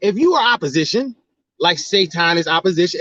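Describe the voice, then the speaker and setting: A man talks about spiritual matters in a casual, preachy way and keeps piling up rhetorical questions. His pitch swings widely and sits a touch high. The sound is dry and a little muffled. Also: animated, fairly quick, bright, forceful tone, no room sound.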